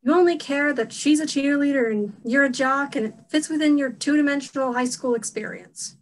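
A woman's voice: sits high, brisk, lightly acted, rough recording. A young woman playing a protective, blunt teenage girl on stage, scolding sharply. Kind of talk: stage play acting.

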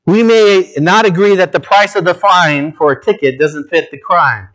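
Man, pastor, sermon delivery, slightly high voice, earnest and direct, big swings between hushed emphasis and urgent appeal. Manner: dramatic shifts between low, slow emphasis and raised, urgent appeals; earnest, direct address to listeners.

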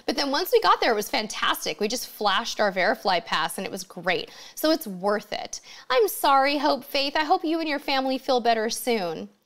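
A woman's voice: a little high, big pitch swings, normal speed, hardly any pauses, a bit bright. A woman hosting a casual live-stream Q&A from home, reading out viewer comments and answering them with chatty enthusiasm. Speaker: livestream host answering viewer questions.

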